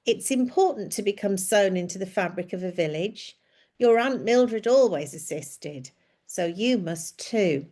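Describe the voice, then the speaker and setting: A woman narrator voicing a kindly, knowing French village woman who speaks in a friendly, gently instructive way, in a storybook reading. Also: medium pitch, lively intonation, measured pace. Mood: warm.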